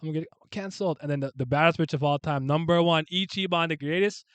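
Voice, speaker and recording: A young man casually rambling through a ranked list of characters, swearing freely and breaking into sudden loud shouts. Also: a little high, fast talker, clean tone, dry recording. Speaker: streamer ranking favorite comic and anime characters. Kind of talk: casual unscripted commentary.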